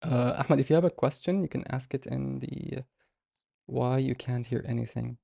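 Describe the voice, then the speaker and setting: Teaching Arabic in a live online lesson, this man speaks with a mellow, gravelly tone at medium pitch and keeps it steady. He goes step by step with patience and stops often. The recording is dry and close-miked.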